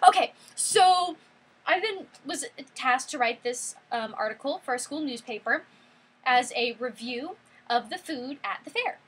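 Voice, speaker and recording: An eighteen-year-old woman telling a story in a casual vlog, excitable and gushing, saying "like" constantly. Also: high-pitched, a little slow, breathy edge. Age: 18, college student. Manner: excitable, gushing, heavy use of "like". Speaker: vlogger.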